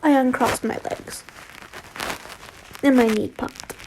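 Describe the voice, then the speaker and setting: A woman's voice: sits high, fairly even intonation, slow pace, background noise. A young woman reading fanfiction aloud, wandering into rambling, self-deprecating asides and apologies. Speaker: fanfiction reader.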